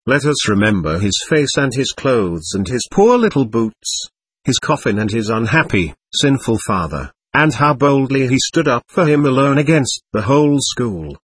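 A man reading the part of a gentle, earnest young man who speaks warmly and pleadingly to a group of boys, in a storybook reading. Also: mid-range voice, big pitch swings, moderate pace, husky, no echo. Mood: tender. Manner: warm, heartfelt, pleading.

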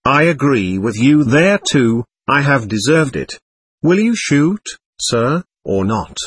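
A sardonic male officer answers with dry mockery in an audiobook, as a male narrator reads his part. The voice is slightly husky, and the pitch swings widely. It is recorded dry and close. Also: very animated, slow, no room sound, full character voice. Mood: mocking.

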